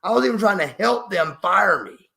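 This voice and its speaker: Raspy man telling a story. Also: high-pitched, animated, moderate pace, noisy background. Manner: emphatic, profane, refers to himself by name. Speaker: podcast guest. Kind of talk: storytelling interview.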